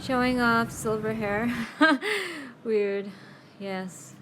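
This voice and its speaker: Woman rambling real slow, amused at herself, lots of noise behind. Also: a little high, fairly even intonation. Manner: slow, musing, self-amused. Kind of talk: casual spoken aside. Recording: noisy ambience.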